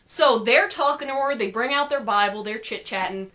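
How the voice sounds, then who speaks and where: A woman's voice: a little high, moderate pace, sharp tone, slight background noise. A young woman vlogger telling a story to camera in a rambling, snarky, casual way.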